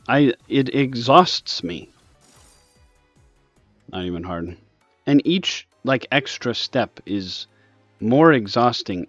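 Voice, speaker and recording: A man ranting in an exasperated, animated way over gameplay, with sudden loud bursts. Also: medium pitch, dry recording, highs cut off. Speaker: gaming video host.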